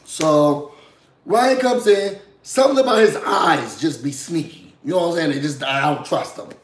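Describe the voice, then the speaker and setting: A hoarse man with a slightly higher voice gives a chatty, sassy recap of a reality show, peppering it with asides to his viewers. His voice sounds worn from being under the weather. The sound bounces around a roomy space. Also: animated, moderate pace. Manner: chatty, sassy, asks "you know what I'm saying?". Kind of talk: casual recap commentary.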